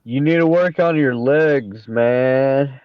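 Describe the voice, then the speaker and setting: A man's voice: medium pitch, slow pace, clear, resonant tone, dry recording. A man jokes and heckles in crude, casual talk. His voice comes through dull and dry, a bit muffled and close. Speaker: chat guest. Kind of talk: casual chat.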